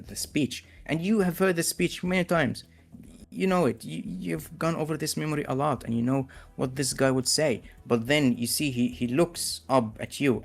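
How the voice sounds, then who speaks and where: A man narrating a tabletop game as game master, halting and full of fillers. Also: mid-range voice, vocal fry. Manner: halting, many fillers and restarts.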